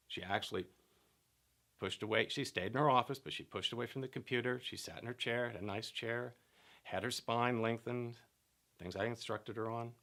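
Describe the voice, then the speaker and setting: Calm gravelly-voiced man teaching. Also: on the low side. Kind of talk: explanatory teaching talk.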